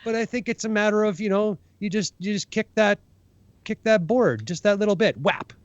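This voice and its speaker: A man's voice: sits high, brisk, no echo. Chatty man on a dry, muffled podcast. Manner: conversational, lots of "right?" and "you know", acts out little scenes. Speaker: podcast co-host. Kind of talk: casual podcast discussion.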